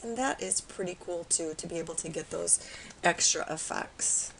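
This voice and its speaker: A woman with a raspy voice today, calmly walking viewers through a step-by-step software tutorial. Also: on the low side, normal speed, a little hiss or hum, low-quality recording. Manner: calm, explanatory, with frequent fillers.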